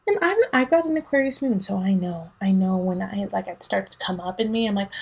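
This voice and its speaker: A woman's voice: mid-range voice, brisk, gravelly, hardly any pauses, darkish tone, husky, low-quality recording. A woman giving a casual tarot reading, emphatic and teasing, laughing often, with a son at home. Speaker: tarot reader.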